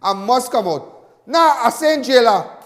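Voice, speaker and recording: A Trinidadian man hosts a show with a heated political monologue. His voice sits unusually high, and he mocks and repeats phrases to drive each point home. A long reverb trails his words. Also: lively intonation, measured pace, a bit bright. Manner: fiery, mocking, repeats lines for emphasis. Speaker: host.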